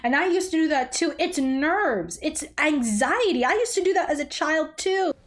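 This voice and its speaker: A woman hosting a reaction video, blunt and animated, swearing freely and exclaiming as she chats. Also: high voice, normal speed. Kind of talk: casual reaction commentary.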